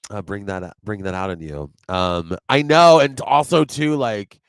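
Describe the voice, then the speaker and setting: A man's voice: lowish voice, a little slow, smooth, dry recording, clean studio sound. A man who is a guest musician, chatting casually and rambling with fillers. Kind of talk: casual chat.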